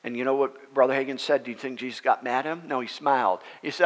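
A man, a pastor, preaching a sermon as a story, acting out the people in it with lively, rising voices. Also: quick pace. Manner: animated, acts out quoted voices with rising pitch. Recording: long reverb of a church hall.

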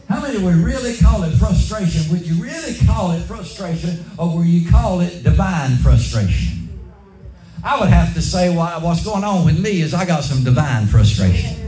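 A man preaches a revival sermon in a high-pitched voice. He keeps calling on the congregation to shout words back to him. The sound is echoey, with music playing behind him. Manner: call-and-response, rousing the congregation. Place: church.

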